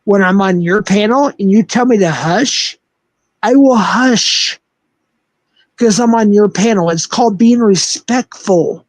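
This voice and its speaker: A man's voice: high voice, unhurried, no echo. A man hosting a livestream panel, talking down to a guest and telling him over and over to relax and breathe. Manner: condescending, repeatedly telling the other to relax and breathe. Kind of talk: heated livestream panel argument.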